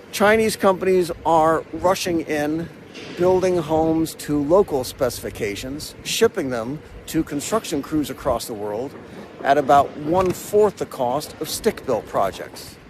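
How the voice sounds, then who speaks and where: A man hosting a business documentary, narrating in a measured, explanatory way. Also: a little high, a little hiss or hum. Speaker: business reporter and host. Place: factory in southern China.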